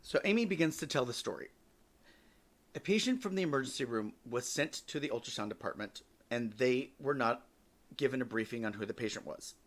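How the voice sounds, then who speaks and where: Male podcast host, forties, candid wry storyteller, middle pitch, casual swearing. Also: animated, fairly quick.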